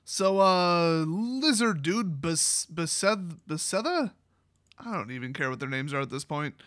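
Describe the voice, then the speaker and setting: A man's voice: fairly high pitch, lively intonation, unhurried, a bit bright, dry recording, studio quality. A man hosting a card game channel, giving a sarcastic, mocking recap of a fantasy storyline and laughing often.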